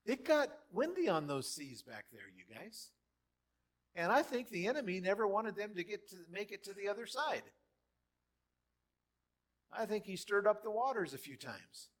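A man preaching a sermon in a church hall, animated and dramatic, with big swings in loudness as he acts out quotes. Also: high voice, normal speed, pauses often. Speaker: pastor.

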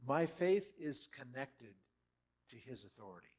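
A man preaching a sermon in a church hall, animated and dramatic, with big swings in loudness as he acts out quotes. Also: medium pitch, unhurried, husky. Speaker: pastor.

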